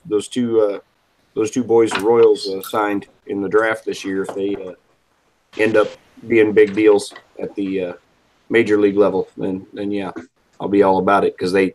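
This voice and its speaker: A man from Kansas City, a musician guest, talking casually and haltingly, repeating words, with dry humor. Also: lowish voice, darkish tone, low-quality recording. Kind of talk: casual video call chat.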